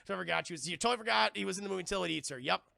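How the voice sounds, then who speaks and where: A man giving an excitable, profane live-stream film review, talking straight to his chat and acting out scenes. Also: high voice, very fast, creaky, no echo.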